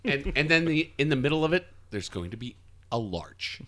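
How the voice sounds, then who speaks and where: A man's voice: fairly high pitch, sing-song, a bit bright. A man co-hosting a podcast, stammering through repeated starts before landing his jokes in casual chat. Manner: halting, stammering setups for jokes. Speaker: podcast co-host.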